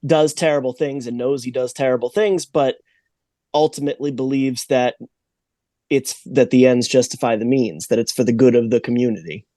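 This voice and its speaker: A male podcast host asks his questions in a measured, unhurried way. His tone is mellow and warm, recorded dry and close. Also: medium pitch, dry recording. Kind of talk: interview questions.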